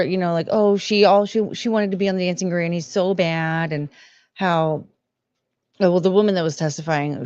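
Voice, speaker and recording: Woman streamer rambling on, kinda low voice, dry slightly muffled sound. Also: darkish tone, dry recording. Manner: rambling, emotional, swears freely. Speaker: livestream host. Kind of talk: casual livestream commentary.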